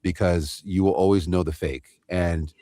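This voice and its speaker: A man's voice: sits low, steady tone, normal speed, dark tone, dry recording, clean studio sound. A man voice actor on a panel, talking in a laid-back, slangy, rambling way. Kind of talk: casual panel chat.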